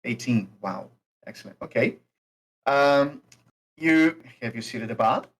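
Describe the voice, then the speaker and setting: A man's voice: mid-range voice, animated, poor audio. A man narrating as game master of a tabletop game, with lots of uh and um fillers. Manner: slow, unhurried narration with many fillers.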